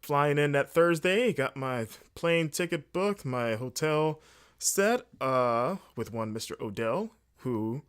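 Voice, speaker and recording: A man hosting a solo podcast, rambling casually in a jokey, animated way late at night. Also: medium pitch. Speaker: podcast host.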